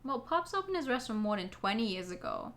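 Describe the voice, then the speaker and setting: A woman's voice: on the high side, big pitch swings, fast talker, a bit bright. A woman reading game dialogue aloud as an easygoing, talkative young man explaining what he knows.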